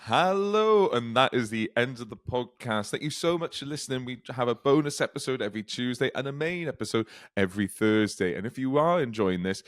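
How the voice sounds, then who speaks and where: A man's voice: medium pitch, no echo, clean studio sound. A man co-hosting a comedy podcast, telling stories in casual chat and laughing often as he talks. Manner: laughs often mid-story, chatty.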